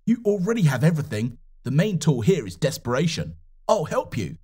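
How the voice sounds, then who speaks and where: A man's voice: on the high side, very animated, a little fast, mellow, slightly rough. A man voicing a crude, blunt young stranger who talks in a brusque, sarcastic, swearing way. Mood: blunt, mocking.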